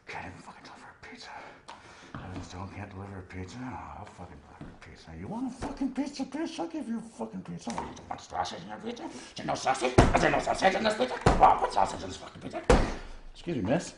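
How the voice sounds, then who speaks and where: A man's voice: high voice, huge pitch swings, quick pace, gravelly, exaggerated voice. An actor playing a washed-up film star turned pizza delivery man, hesitant and stammering, then ranting. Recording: echoey room with noise.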